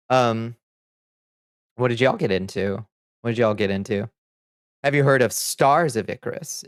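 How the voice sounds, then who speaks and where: Laid-back low-voiced male streamer. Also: no echo, clean studio sound. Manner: laid-back, chuckles often, greets chat by name. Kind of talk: casual livestream chat.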